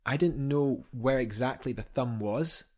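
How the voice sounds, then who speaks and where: This young man, a guest climber, speaks in a mid-range, unhurried voice. In a casual interview he eagerly tells a story, rambling along with fillers and restarts.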